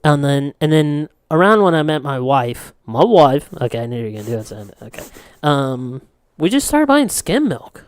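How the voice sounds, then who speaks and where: A man's voice: on the high side, very animated, moderate pace, smooth, dry recording. Rambling, swearing man on a dry mic. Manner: rambling storyteller, swears freely, laughs often. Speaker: podcast co-host. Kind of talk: casual chat.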